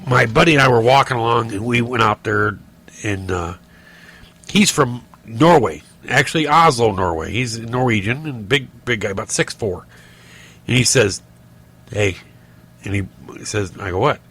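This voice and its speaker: A man's voice: medium pitch, animated, normal speed, a bit bright, slightly rough. A middle-aged man hosting a podcast, telling rambling stories and ranting with lots of restarts and fillers. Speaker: podcast host. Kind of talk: casual monologue.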